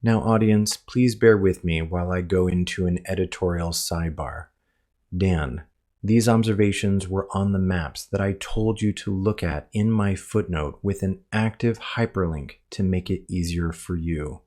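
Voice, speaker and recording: Deep-voiced man in precise, formal commentary. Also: moderate pace, darkish tone. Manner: precise, formal, spells words out letter by letter; pointed, addresses his critic directly. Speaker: author rebutting a critic. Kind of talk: scripted commentary video.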